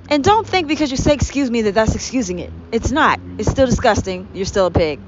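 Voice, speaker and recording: A woman's voice: on the high side, lively intonation, brisk. A woman hosting her own podcast, ranting sarcastically and with exasperation about annoying coworkers, swearing freely as she goes. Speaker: podcast host. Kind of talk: ranting monologue. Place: vehicle with traffic outside. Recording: dull lo-fi sound with faint street noise.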